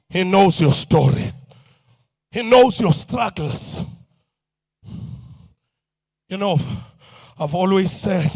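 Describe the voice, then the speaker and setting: A man's voice: high-pitched, vocal fry, darkish tone, breathy edge, dry recording. A South African man preaching an impassioned sermon at a youth event, mixing in Zulu, with rallying repeated calls.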